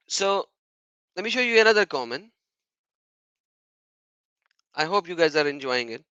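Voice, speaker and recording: A man's voice: on the high side, lively intonation, slow, long pauses, sharp tone, clear, resonant tone, dry recording, muffled recording. A man giving a monologue commentary as a YouTuber, talking emphatically, repeating himself and asking rhetorical questions.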